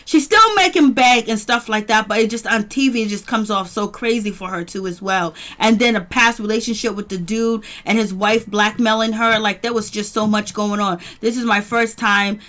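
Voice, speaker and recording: A woman from near Boston, US, runs a casual live-chat stream reviewing a reality show, greeting viewers by name and laughing often. Her mid-range voice is a bit bright, and she speaks at a normal speed with few pauses.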